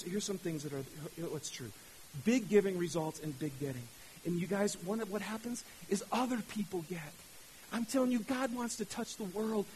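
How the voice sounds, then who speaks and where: A man's voice: high-pitched, darkish tone, a little hiss or hum, poor audio. A man preaching a sermon as pastor, fired up and often restarting his words. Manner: fired-up, repetitive, stammering restarts.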